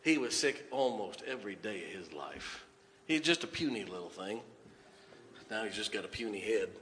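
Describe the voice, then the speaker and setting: A man preaching and telling a personal testimony as a lively storyteller who chuckles at his own tale. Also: fairly low pitch, moderate pace, a little hiss or hum. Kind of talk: personal story told from the pulpit. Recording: long reverb of a large hall.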